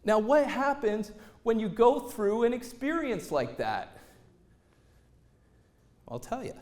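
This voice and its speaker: A man with a fairly high voice speaks on stage as a motivational speaker. He tells a personal story with lively timing and slips into other voices for the lines he quotes. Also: slow.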